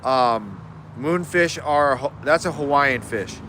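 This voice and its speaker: A man's voice: medium pitch, expressive, slow pace, noisy background. A man hosting a casual fishing livestream from his yard, rambling through viewer questions with frequent restarts. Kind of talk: casual live Q&A chat.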